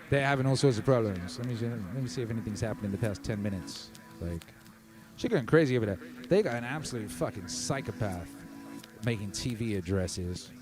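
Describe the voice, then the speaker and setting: A man hosting a music livestream, chatting casually and reading viewer comments aloud, hyped and profane, swinging between shouted shout-outs and low murmurs.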